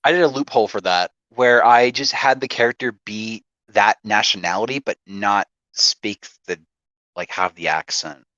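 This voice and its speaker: A man's voice: lowish voice, normal speed, bright, forceful tone, no echo, highs cut off. A man in casual podcast chat, rambling with many fillers and frequent swearing. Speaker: podcast guest. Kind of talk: casual chat about roleplay.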